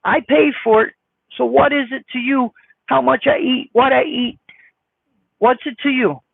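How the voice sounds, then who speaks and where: A man with a squeaky voice, chatting casually on a live stream as he reads viewer comments, blunt, defensive and folksy. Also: normal speed, creaky, slightly rough, dry recording. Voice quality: squeaky high voice. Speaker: trucker vlogger reading live chat. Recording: dry, phone-like sound.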